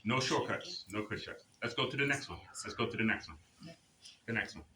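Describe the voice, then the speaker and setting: A man's voice: fairly low pitch, animated, fairly quick, a little hiss or hum. Motivating male fitness instructor, echoey room. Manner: motivating, counts reps in a loud drill-sergeant cadence. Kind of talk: leading a seniors' exercise class. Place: senior center activity room.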